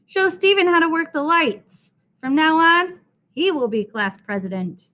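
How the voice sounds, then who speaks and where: A woman's voice: high-pitched, lively intonation, unhurried, sharp tone, voice pushed up, heavily acted. A woman reading a storybook aloud, voicing a strict, earnest woman schoolteacher with an insistent, instructive way of talking. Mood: scolding.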